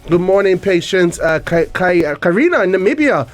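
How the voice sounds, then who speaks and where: A man's voice: high voice, very animated, a little fast. Chatty upbeat male radio host. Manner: upbeat, chatty, joking with co-hosts. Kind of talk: casual morning show chat.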